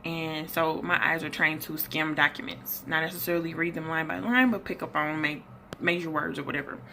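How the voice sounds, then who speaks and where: A young woman talks at her desk in a low voice with a forceful, bright edge and a gravelly fry. She rambles and corrects herself as she retells her story, a touch out of breath. A faint noise floor sits under the recording. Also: fairly even intonation, fairly quick. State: slightly out of breath. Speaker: vlogger. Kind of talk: casual health update vlog.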